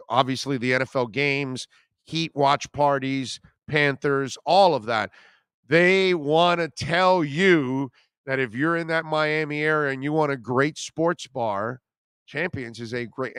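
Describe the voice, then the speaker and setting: Middle-aged male sports talk host, casual and chatty, smooth voice, dry studio sound. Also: medium pitch, a bit bright, dry recording. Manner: chatty, self-deprecating, emotional. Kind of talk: casual live show chat reading comments.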